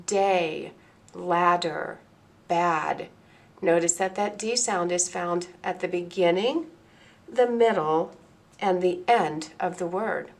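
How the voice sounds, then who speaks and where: In a recorded teacher-training lecture on phonics, a woman explains each point slowly and deliberately, step by step. Her voice sits on the low side with a darkish tone.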